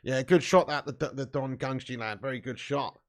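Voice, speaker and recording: A man hosting a live football watch-along, commenting on play, cheering loudly and chatting casually with viewers. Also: medium pitch, normal speed. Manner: excitable, bursts into loud cheering, swears freely, chats to viewers. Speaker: fan watch-along host.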